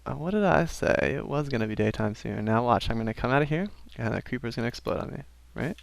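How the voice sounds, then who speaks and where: Gravelly young man rambling over gameplay. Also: medium pitch, fast, dry recording. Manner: rambling, self-aware asides. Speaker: gaming commentator. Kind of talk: casual let's-play commentary.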